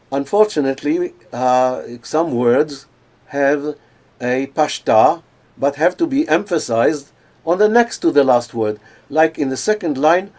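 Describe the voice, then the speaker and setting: An older man giving an academic lecture over a video call, pausing often with fillers and restarts. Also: a little high, a little mellow. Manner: hesitant, many fillers and restarts.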